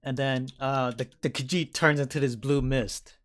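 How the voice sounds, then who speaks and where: A man's voice: medium pitch, steady tone, moderate pace. A man running a tabletop game as dungeon master, narrating the fight play by play with sound effects and casual swearing.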